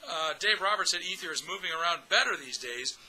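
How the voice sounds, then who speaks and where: A man's voice: high-pitched, animated, fairly quick, pushed and bright, poor audio. A man hosting a casual fan podcast, chatty and upbeat, speaking straight to his audience. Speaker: podcast host.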